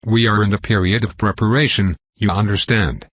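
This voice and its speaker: A man reading the lines of a composed female vampire commander with a smooth voice and a faint Southern accent, calm and condescending. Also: on the low side, fairly quick, no echo, clean studio sound. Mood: cool. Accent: faint American Southern.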